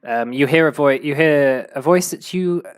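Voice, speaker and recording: A man's voice: a little high, normal speed, clear, resonant tone, dry recording, soft background music. A man running a tabletop game as game master, narrating in a rambling way full of fillers and restarts.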